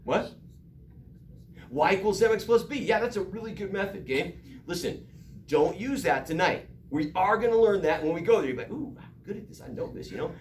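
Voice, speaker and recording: A man's voice: high-pitched, lively intonation, brisk, roomy sound, a little hiss or hum. A middle-aged man teaching a math class, emphatic and joking, recorded from far off in a classroom. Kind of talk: classroom lecture.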